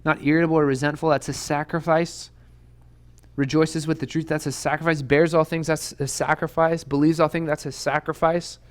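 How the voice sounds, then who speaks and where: A man's voice: on the high side, level tone, brisk. A young adult man preaching to students, earnest and urgent, who keeps repeating rhetorical questions. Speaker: youth pastor. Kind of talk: sermon to students. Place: church youth room.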